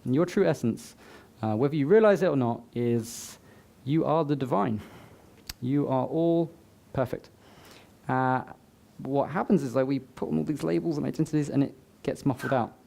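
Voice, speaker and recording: Man, motivational stage talk, mellow relaxed tone, chatty, joking asides, live audience event. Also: medium pitch, moderate pace, creaky. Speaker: summit speaker.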